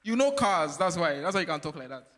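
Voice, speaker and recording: Man, high voice, bright, teasing quiz host, reverberant hall. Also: fast. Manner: teasing, animated, laughs often. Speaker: quiz game host at a workshop. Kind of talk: playful live quiz hosting. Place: event hall.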